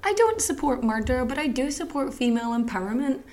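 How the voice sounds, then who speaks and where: A woman's voice: sits high, expressive, fairly quick, darkish tone. Snarky, sweary woman podcast host. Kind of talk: casual storytelling.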